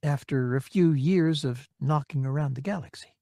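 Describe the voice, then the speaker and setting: A man voicing a hopeful young woman in a recorded message, speaking gently and hesitantly in an audiobook. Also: on the high side, normal speed, no room sound, studio quality, close to an everyday voice. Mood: hopeful, tentative. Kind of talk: audiobook character reading.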